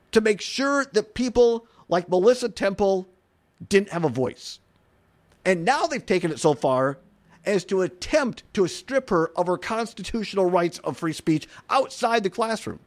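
A man hosting an opinionated talk radio show, incredulous and animated, often laughing and saying "I mean". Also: high voice.

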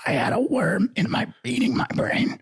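A man doing an impression of a politician with a strained, raspy, whispery voice, rambling absurd ideas. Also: high voice, big pitch swings, moderate pace, no room sound, clean studio sound, pitched above the performer's own voice, full character voice.

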